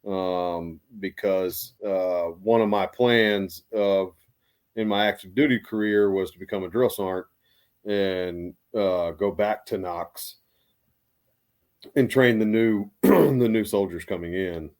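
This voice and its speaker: A man's voice: low-pitched, takes it slowly, a little mellow. A man, an Army veteran, telling stories in a casual, rambling way with many restarts. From United States. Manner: rambling, lots of restarts and fillers. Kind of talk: casual storytelling.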